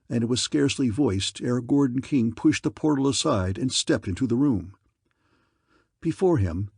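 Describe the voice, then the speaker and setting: A man narrating an adventure novel as an audiobook in a measured, even way. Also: mid-range voice, slightly rough, no room sound, studio quality.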